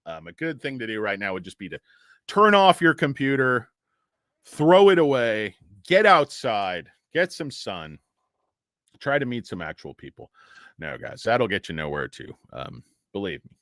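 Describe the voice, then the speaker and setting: A man's voice: lowish voice, big pitch swings, moderate pace, a bit bright, no room sound, clean studio sound. A man hosting a casual stock livestream, rambling and joking sarcastically as he talks to his chat from his office. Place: home office.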